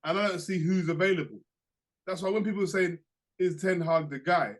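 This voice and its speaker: A young man, chatting casually as a podcast co-host and telling lively stories in slang. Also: sits high, fairly quick. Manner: animated storytelling, slangy, laughs through anecdotes. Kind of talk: casual chat.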